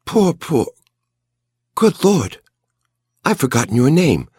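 A man voices a breathless, tender young woman, pitching a little high and above his own natural voice in an exaggerated, very animated way. He speaks slowly, with a slightly rough, a little mellow tone. The recording is studio quality with no echo.

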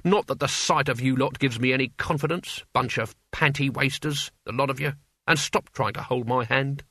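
A man voicing a gruff, irritable old male wizard who snaps his words bluntly and impatiently, in a storybook reading. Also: medium pitch, moderate pace, pushed and bright, dry recording, studio quality. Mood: commanding.

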